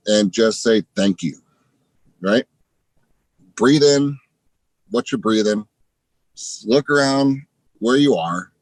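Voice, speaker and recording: A man giving an energetic motivational pep talk to real estate agents, emphatic and casually profane. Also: mid-range voice, no room sound, low-quality recording. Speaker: real estate team leader.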